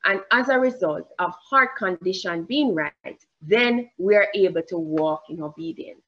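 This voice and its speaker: A woman preaching a sermon, slow and emphatic, drawing out the scripture quotes. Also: lowish voice, fairly bright tone, lo-fi sound.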